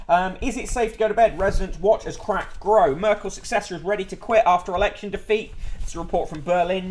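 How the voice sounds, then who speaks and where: A man's voice: high-pitched, slight background noise. A man hosting a casual livestream newspaper review, reading headlines aloud with dry asides and plenty of ums.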